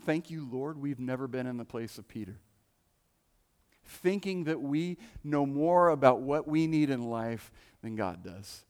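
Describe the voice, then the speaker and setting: Conversational preacher in an echoing hall. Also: male voice, medium pitch, expressive, measured pace, darkish tone. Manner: conversational, rhetorical questions, restarts. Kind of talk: sermon. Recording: long reverb of a large hall.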